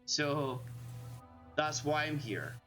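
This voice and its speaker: Tipsy, chatty Scottish man, bright voice. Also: a little high, animated, extremely slow, faint music behind. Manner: rambling, self-deprecating, chatty. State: tipsy from drinking. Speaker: game streamer. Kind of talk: casual gaming stream chat.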